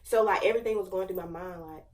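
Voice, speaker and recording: A woman's voice: on the low side, fast, darkish tone, far from the mic, a little hiss or hum. Slangy teen girl telling a story. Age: late teens. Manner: chatty, slangy, dramatic retelling. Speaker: vlogger. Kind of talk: casual storytime.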